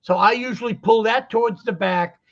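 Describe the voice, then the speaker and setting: Boston-accented man, chatty joker, high pitched, slightly muffled sound. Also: brisk. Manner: joking, animated storyteller. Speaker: guest vendor. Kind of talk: casual chat. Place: lives in Florida.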